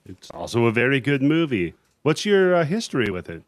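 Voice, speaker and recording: A man's voice: medium pitch, very animated, a little fast, no room sound. Laid-back man hosting a horror podcast. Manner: laid-back, jokey, swears casually. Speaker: podcast host. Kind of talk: casual horror podcast chat.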